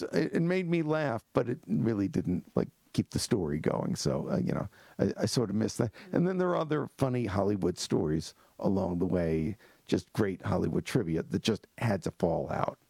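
A man, an author, telling lively anecdotes in a book talk, often restarting and laughing. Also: fairly low pitch, gravelly, slightly rough, dry recording. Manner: animated storyteller with frequent restarts and laughs.

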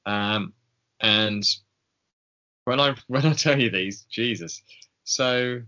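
A male podcast co-host speaks slowly in a mid-range voice that is bright and forceful. His casual chatter rambles, full of hesitant ums and small laughs, on a dull lo-fi recording.

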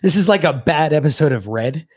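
A man's voice: fairly high pitch, expressive, fairly quick, breathy edge, no echo, studio quality. A man co-hosting a podcast, chatting casually and crudely, joking and swearing often. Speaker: podcast co-host. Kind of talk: casual political chat.

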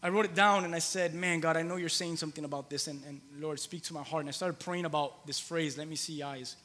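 A man's voice: on the high side, fairly even intonation, fast talker, pushed and bright, big-room sound. A man in his thirties preaching a conversational sermon in a church, repeating phrases for emphasis. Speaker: pastor. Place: church hall with long reverb.

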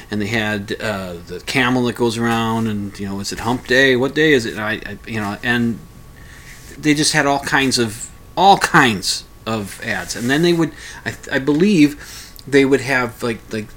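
A man's voice: mid-range voice, pushed and bright. A man talking casually at home, telling a story in a rambling, hesitant way with many restarts. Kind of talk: casual spoken commentary.

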